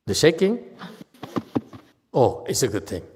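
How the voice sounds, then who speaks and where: Brief Male Buddhist teacher in a long-reverb hall, mid-pitched, lively delivery, chuckles and repeats himself. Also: unhurried, slight background noise. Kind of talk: Dharma talk and Q&A.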